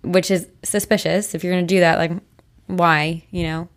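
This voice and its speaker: Young female podcast co-host, lower voice, casual rambling storyteller. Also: fairly even intonation, normal speed. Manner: chatty, many likes and restarts.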